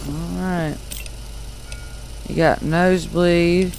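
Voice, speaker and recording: A man's voice: sits high, level tone, very slow, creaky, darkish tone, a little hiss or hum. A man streaming a game, talking wryly to the characters and joking as he plays. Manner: wry, joking, talks to the characters. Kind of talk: casual gameplay commentary. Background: game music.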